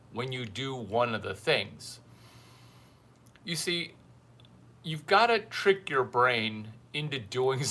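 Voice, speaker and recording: A man with a mid-range, sharp-toned voice hosts a livestream as a mentor, delivering a casual monologue to his viewers. He's blunt and teasing and repeats lines for effect.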